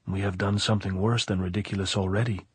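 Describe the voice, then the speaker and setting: A man reading an audiobook, voicing a quiet, weary army lieutenant who speaks in a calm, measured way. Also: sits low, breathy edge, dry recording. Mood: calm, tense.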